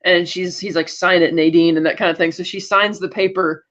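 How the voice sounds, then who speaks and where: This podcast co-host recounts an episode briskly and casually, performing the characters' lines along the way. His high-sitting voice is bright and forceful with a steady tone, and the recording's highs are cut off.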